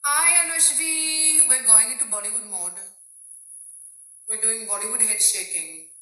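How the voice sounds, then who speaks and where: A woman's voice: medium pitch, moderate pace, pushed and bright, roomy sound, poor audio. A woman hosting a casual live stream, joking with her viewers and laughing at her own jokes. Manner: addresses viewers directly.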